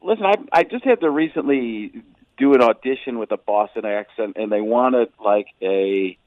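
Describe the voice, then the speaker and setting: A man chatting as a comedian guest on a radio interview, rambling with quick asides and restarts. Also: mid-range voice, dry recording, phone-quality sound. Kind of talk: casual radio interview chat.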